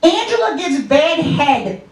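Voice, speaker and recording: Her voice sits high and very animated, yet her pace is slow, and the background is noisy. She's a fifty-something Long Island comic doing brash, foul-mouthed stand-up with chatty storytelling, recorded in an echoey club from a distant mic.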